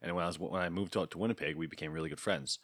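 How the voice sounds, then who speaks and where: A man's voice: low-pitched, very fast, a bit bright, dry recording, clean studio sound. A man in his thirties, co-hosting a podcast, telling a rambling, self-deprecating story in casual chat. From Canada. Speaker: podcast co-host.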